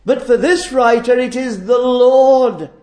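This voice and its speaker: Emphatic preacher in an echoey hall. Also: male voice, very high voice, slow, darkish tone. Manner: emphatic, rhetorical questions. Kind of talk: sermon.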